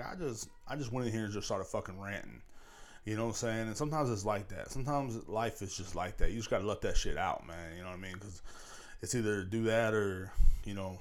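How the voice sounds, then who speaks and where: Low-voiced man rambling on a podcast. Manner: profane, keeps repeating "you know what I'm saying". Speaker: podcast host. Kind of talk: casual rambling solo podcast monologue. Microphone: podcast microphone.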